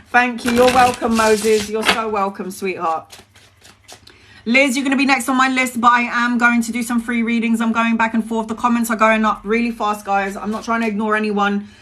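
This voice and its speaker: A woman's voice: a little high, level tone, fairly quick, a bit bright, a little hiss or hum. A woman giving live tarot readings to viewers, chatty and emotional, calling people by name and laughing easily. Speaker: tarot reader.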